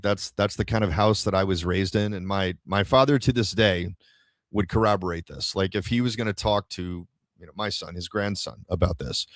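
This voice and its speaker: A man's voice: fairly low pitch, no echo. A man hosting a podcast, telling a story to a live audience in a rambling, casual way, full of fillers and swearing. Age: adult father of a toddler. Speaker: podcast host.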